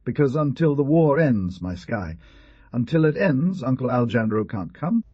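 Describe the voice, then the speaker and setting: A grave, earnest father explains big ideas to his small son with emphasis, as a male storybook reader puts him on. The voice is husky and mellow. The recording is dry and lo-fi. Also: mid-range voice, lively intonation, moderate pace, dry recording, voice pushed up. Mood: earnest explaining.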